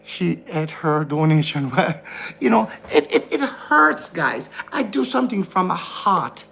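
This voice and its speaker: A man's voice: on the high side, sing-song, slow pace, vocal fry, pushed and bright, a little hiss or hum. A man with a Jamaican accent, speaking to camera in a frustrated, ranting vlog, repeating himself as he talks indoors. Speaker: vlogger. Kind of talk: heated monologue to camera. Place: indoor room.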